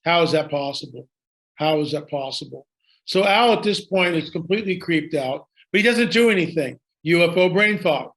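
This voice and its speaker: A man's voice: fairly high pitch, lively intonation, normal speed, a bit bright. A man telling a story in conversation, emphatic and dramatic, repeating lines for effect. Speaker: guest storyteller.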